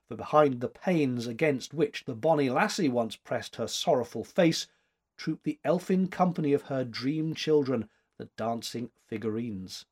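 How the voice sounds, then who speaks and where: Husky male storybook narrator. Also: medium pitch. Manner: measured, expressive storytelling. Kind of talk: audiobook narration.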